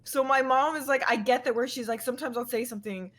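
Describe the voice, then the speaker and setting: A young woman from Ireland with an Irish accent, telling stories in a casual group chat, animated and full of swearing. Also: on the high side, fast. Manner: animated, profane storytelling.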